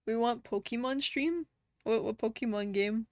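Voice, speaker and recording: A woman's voice: fairly high pitch, normal speed, dry recording, clean studio sound. A woman live streamer chatting casually with her viewers, reading their comments and laughing often.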